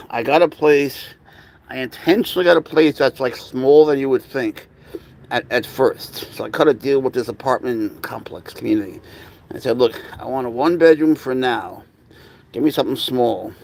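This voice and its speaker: A man with a rough, gravelly voice hosts a casual livestream, talking over his plans with viewers. His pitch sits in the middle of the male range. Now and then he slips into soft, cooing baby talk aimed at cats. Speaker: livestream host.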